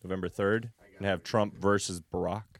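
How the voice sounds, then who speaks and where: A man working as a podcast producer, calmly planning dates out loud. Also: sits low, normal speed. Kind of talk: casual chat.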